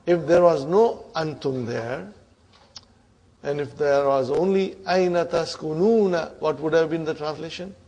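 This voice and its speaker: A man teaching an Arabic grammar class, quizzing students with repeated questions and clearing his throat often. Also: on the high side, a little slow, mellow, highs cut off.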